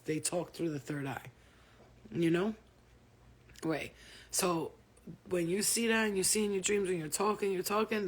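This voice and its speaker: A woman's voice: lowish voice, husky. A woman vlogger talking casually to her viewers about spiritual experiences, rambling, swearing freely and sounding tired. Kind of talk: casual spiritual talk to camera.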